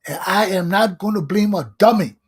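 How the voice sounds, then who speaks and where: Talk host, husky mid-pitched voice, scolding, fiery monologue. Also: moderate pace. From Liberia. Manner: fiery, scolding, repetitive ranting. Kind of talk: impassioned political monologue.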